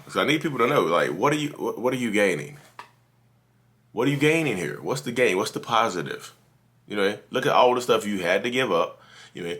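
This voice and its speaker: A man with a very low, deep voice talks straight to his audience in an easy, preachy way. He circles back over the same points and keeps calling his listeners "y'all", like a host giving tough-love advice from his office. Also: a bit bright. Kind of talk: casual direct-to-camera advice talk.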